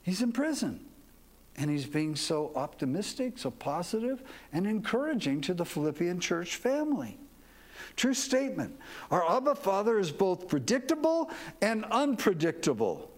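A man's voice: high-pitched, big pitch swings, normal speed. A man preaching a sermon as pastor, folksy and leading the congregation to repeat lines after him.

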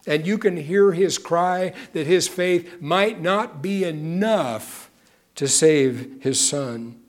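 A man's voice: fairly high pitch, takes it slowly. A man preaching a sermon in an earnest way, often dropping to a near-whisper on key phrases. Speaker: pastor.

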